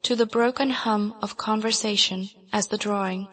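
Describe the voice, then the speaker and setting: Woman reading an audiobook, measured. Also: mid-range voice, steady tone, fairly bright tone, breathy edge. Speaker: audiobook narrator. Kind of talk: scripted narration.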